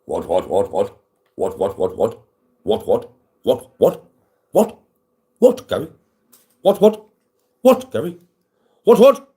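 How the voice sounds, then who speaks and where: A man's voice: mid-range voice, wildly swooping pitch, slow pace, long pauses, mellow. A man putting on the voice of a flustered posh upper-class toff who keeps squawking "what, what".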